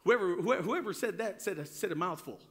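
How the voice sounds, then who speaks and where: A man's voice: high voice, lively intonation, brisk, fairly bright tone. A man preaching a sermon as pastor, fervent, drawing call-and-response from the congregation.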